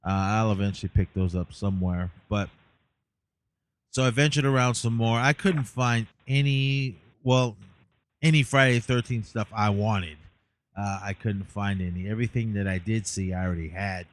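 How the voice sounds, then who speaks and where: A man's voice: lowish voice, normal speed. A tired man casually recapping his day as a podcast host, rambling with many fillers. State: tired, yawning.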